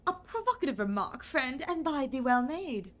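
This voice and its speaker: A woman's voice: high-pitched, big pitch swings, moderate pace, a bit bright. A woman voicing a formal landlord who speaks in stiff, ornate, old-fashioned English. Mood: stately.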